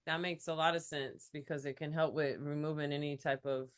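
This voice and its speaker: An herbalist co-host talking casually with a playful, enthusiastic manner. The voice sits at a middle pitch and laughs come readily. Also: fairly even intonation, fairly quick, clear, resonant tone. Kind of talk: casual chat.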